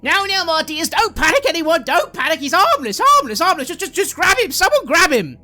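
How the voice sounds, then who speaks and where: A woman voicing a frantic, finely dressed man in a top hat who shouts and repeats himself. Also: very high voice, sing-song, brisk, pitched above the performer's own voice, exaggerated voice.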